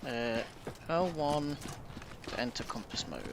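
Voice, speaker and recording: A man's voice: medium pitch, lively intonation, measured pace, noisy background. A man giving casual let's-play commentary as a gameplay streamer, making wry, joking asides.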